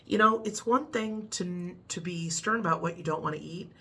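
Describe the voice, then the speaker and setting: A woman's voice: fairly low pitch, moderate pace, a bit bright, husky. A middle-aged woman with a Midwestern American accent, chatting casually to camera in a rambling way and laughing at her own stories. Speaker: vlogger.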